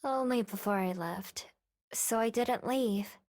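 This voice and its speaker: A streamer voicing a calm, gently teasing young woman in a visual novel, with a slow, dry delivery. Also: medium pitch, no echo, voice pushed up. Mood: wry.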